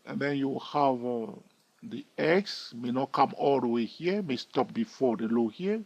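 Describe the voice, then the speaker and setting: A man's voice: mid-range voice, a little slow, gravelly, a little mellow, dry recording, highs cut off. A man giving a screen-recorded chart tutorial in a chatty way, thinking aloud and asking his viewers questions. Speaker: trading educator.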